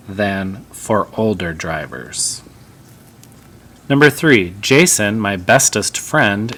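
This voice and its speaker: A man teaching a grammar lesson, explaining each example calmly and step by step. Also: on the low side. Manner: calm, methodical explaining.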